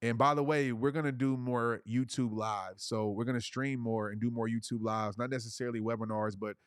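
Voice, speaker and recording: A middle-aged man speaks as a motivational coach on a live webinar. He drives points home with repeated punchy lines and casual slang, in a medium-pitched voice. His voice is recorded close and dry, with no room sound. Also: fairly even intonation, a little fast, clear, resonant tone, no echo. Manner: preachy, punchy repetition, slangy.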